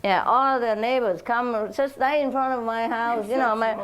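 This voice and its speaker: A woman telling rambling, animated stories in a casual way. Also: on the high side, moderate pace, rough recording. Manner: rambling, animated, often laughing. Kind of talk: casual storytelling.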